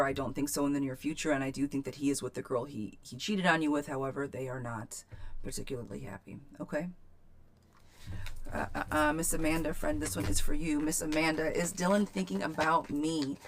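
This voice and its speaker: A woman giving a chatty live-stream tarot reading, reading viewers' questions aloud and calling them girl and friend. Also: low-pitched. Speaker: tarot reader.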